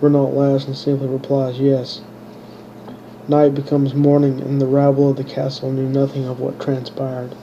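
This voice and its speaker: A man reads his own story in a flat, unvarying voice with a dark, mellow tone. He stumbles and restarts words as he goes. The recording is dull and lo-fi with a faint hiss behind it. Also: mid-range voice, normal speed, vocal fry, hardly any pauses. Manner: monotone reading with stumbles and restarts. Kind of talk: unpolished audiobook narration.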